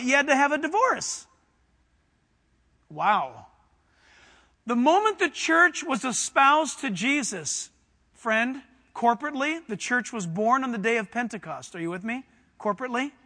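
A male preacher with a very high, bright voice that rings through a long hall reverb. He presses his congregation with direct questions and climbs into fervent shouting. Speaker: pastor. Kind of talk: sermon.

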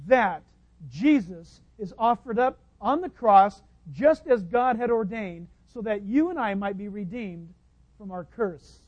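A man preaching a sermon, stressing key lines with sudden high leaps and dropping into chatty asides. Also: darkish tone, dry recording. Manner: emphatic preaching, voice leaping high on key phrases. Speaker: pastor.

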